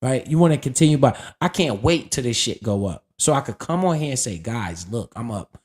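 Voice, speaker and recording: A man's voice: mid-range voice, lively intonation, brisk, darkish tone. A man streaming live, casually talking about investing in a profane, hyped and preachy way.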